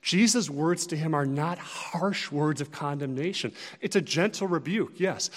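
Man, pastor, earnest sermon, conversational, high voice, long hall reverb. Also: a little slow. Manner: earnest, conversational, shifting loudness for emphasis.

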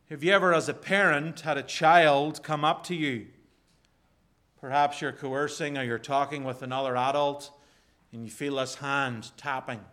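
A man preaching a sermon slowly, building to fervent emphasis. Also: on the high side, bright, forceful tone. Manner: slow, rising to fervent emphasis.

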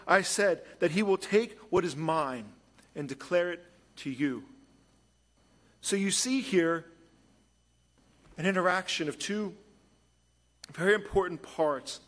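A man preaching a sermon as pastor, moving between hushed storytelling and emphatic points. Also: on the high side.

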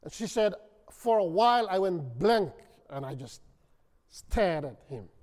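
A man preaching a sermon, telling a story dramatically and swinging from loud to hushed. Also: sits high, big pitch swings, a little slow. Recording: long reverb of a hall.

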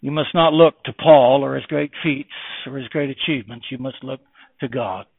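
A man preaching a sermon with impassioned delivery that swings between loud emphasis and hushed tones. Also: medium pitch, normal speed, vocal fry, husky, dry recording. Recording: tinny phone-like, dry.

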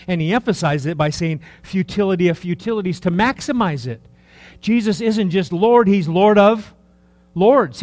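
A man in his early sixties preaches with a slightly high voice that swings widely between hushed asides and raised, emphatic lines. He talks in a loose, conversational way, piling up rhetorical questions. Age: 60s. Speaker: pastor. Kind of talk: sermon.

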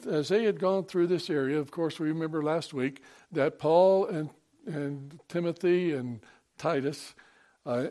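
A man preaching a sermon, reading scripture and praying, in an earnest, halting way with many pauses and restarts. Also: fairly high pitch, darkish tone. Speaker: pastor. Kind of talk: sermon with Bible reading and prayer.

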